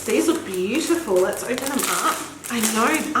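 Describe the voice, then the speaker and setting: Brief: young mum vlogger, slightly high voice, effusive and gasping, roomy echo with faint background hum. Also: female voice, expressive, measured pace. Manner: gushing, gasps often, effusive exclamations. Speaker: beauty vlogger and mother. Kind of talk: excited unboxing chat. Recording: echoey room with faint ambience.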